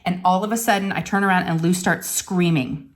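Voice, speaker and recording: A woman vlogger telling a story in a chatty, animated way, full of "I'm like" asides. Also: on the low side, fairly quick. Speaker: crafting vlogger. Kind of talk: casual storytelling vlog.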